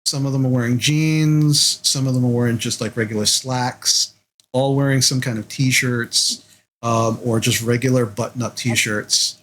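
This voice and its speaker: A man's voice: mid-range voice, steady tone, measured pace, fairly bright tone, rough recording. A man narrating as game master of a tabletop role-playing game, talking in a loose, rambling way full of fillers.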